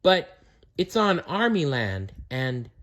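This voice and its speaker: A man doing a high, urgent kestrel guide. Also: very animated, takes it slowly, a bit bright, heavily acted. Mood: cautious. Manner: urgent, calling out directions. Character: small bird of prey, female, watchful guide.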